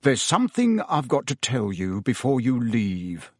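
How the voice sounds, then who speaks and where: Man voicing a middle-aged wizard dad, low tense hurried voice, kindly, lively intonation, storybook. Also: breathy edge, dry recording, clean studio sound, full character voice.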